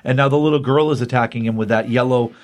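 A man's voice: mid-range voice, fast talker. Man animatedly retelling a comic plot. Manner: animated retelling that acts out the dialogue, with many fillers. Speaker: podcast co-host. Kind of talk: casual comic-book recap.

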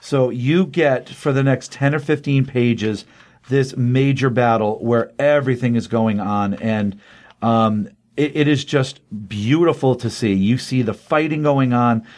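In a laid-back, spirited way, a man walks through what happened in a comic book, his voice sitting in the middle range. He tosses off quick character voices for the lines he quotes.

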